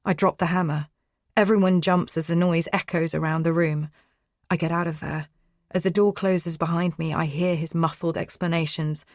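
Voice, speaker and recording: A woman narrates a first-person thriller in a tense, hushed, inward way. Her voice sits low and is recorded close and dry in a studio. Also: fairly even intonation, moderate pace, dry recording. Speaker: audiobook narrator.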